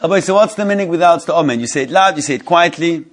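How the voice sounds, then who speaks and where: Male rabbi, slightly higher voice, leading a text class: mumbled readings, slow halting explanations, questions to the room. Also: animated. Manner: reads Hebrew text in a quick mumble, then explains it slowly in English; restarts and repeats phrases, asks the class questions. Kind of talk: Torah study class, explaining a legal text.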